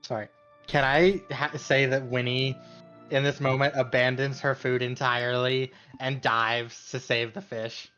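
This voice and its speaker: A man's voice: medium pitch, flat delivery, a little slow, pushed and bright, smooth, faint music behind. Eager male tabletop player, dull mic. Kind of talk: tabletop game play.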